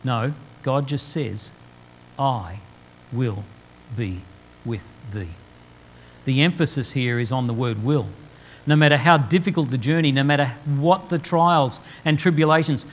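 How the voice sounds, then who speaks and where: A man preaching a sermon, slowing down to quote scripture word by word with emphasis. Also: on the high side, a little hiss or hum, low-quality recording. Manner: emphatic, slow deliberate quoting of scripture. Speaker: pastor. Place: church.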